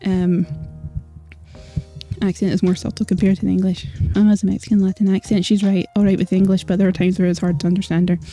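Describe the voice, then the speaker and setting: A woman's voice: medium pitch, little pitch movement, quick pace, mellow, soft background music. A young Scottish woman streaming, chatting casually with viewers and laughing often. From Scotland. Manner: chatty, laughing, filler-heavy.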